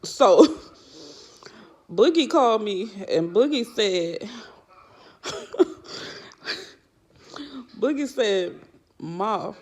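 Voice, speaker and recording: Slow, gravelly middle-aged woman vlogger. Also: mid-range voice, a little mellow. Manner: laughs often while telling an exasperated story. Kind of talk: casual storytelling to viewers.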